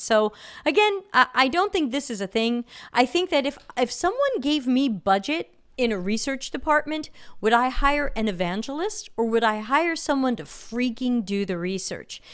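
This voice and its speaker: A woman's voice: a little high, clear, resonant tone. A woman with a light New York accent hosting a live stream, reading out chat comments and giving blunt, sardonic commentary. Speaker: livestream host.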